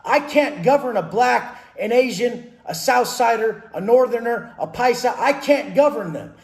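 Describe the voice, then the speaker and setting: A man's voice: very high-pitched, expressive, measured pace, a little mellow. A man, a fitness and mindset coach, talking bluntly and profanely about life in prison, with hard emphatic delivery. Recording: roomy echo.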